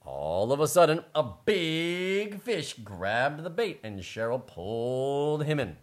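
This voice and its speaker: A man's voice: fairly high pitch, slow pace. A man reading a picture book aloud on a podcast, playful and joking. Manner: playful, joking, lively storyteller. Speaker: podcast co-host reading the story.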